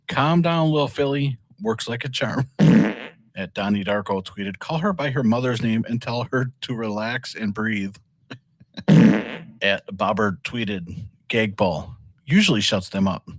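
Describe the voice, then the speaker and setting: A man's voice: medium pitch, dry recording. A man hosting a comedy segment, reading listener tweets aloud and laughing between them. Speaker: segment host.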